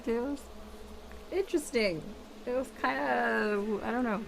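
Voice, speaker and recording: A woman's voice: fairly high pitch, measured pace, creaky, a little hiss or hum, rough recording. Hesitant woman guest on a podcast. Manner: hesitant, brief replies. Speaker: guest co-host. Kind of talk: casual podcast chat.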